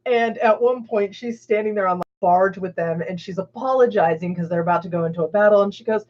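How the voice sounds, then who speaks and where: A woman's voice: mid-range voice, quick pace, a little mellow. A woman hosting a livestream, chatting casually with many fillers and laughs. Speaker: stream host. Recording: dull lo-fi stream audio.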